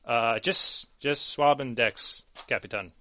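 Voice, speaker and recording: A man voicing a tipsy, cheerful female sailor who loudly greets her captain with slurred words. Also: mid-range voice, slow pace, no room sound. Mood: tipsy, excited. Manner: loud slurred exclaiming.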